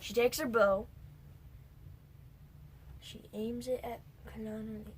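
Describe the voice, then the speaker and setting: A woman's voice: a little high, flat delivery, takes it slowly, slight background noise. A young woman casually recapping a movie for her vlog, rambling and jumping between points with whispered asides. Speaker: movie reviewer.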